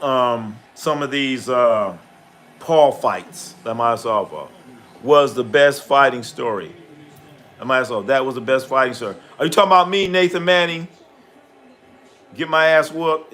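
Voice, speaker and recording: A man's voice: medium pitch, a little slow, long pauses. A man hosting a live sports stream, chatting casually and profanely, telling stories and reading out chat names. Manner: animated when acting out stories. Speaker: livestream sports host. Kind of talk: casual live commentary and storytelling.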